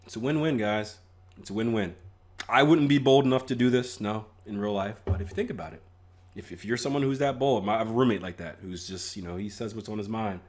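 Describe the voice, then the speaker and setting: A man's voice: on the low side, a little fast, darkish tone. A young man hosting a live trading stream in casual chat, joking, laughing at his own jokes and reading viewer comments aloud. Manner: frequent restarts and filler ums. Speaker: trading livestream host.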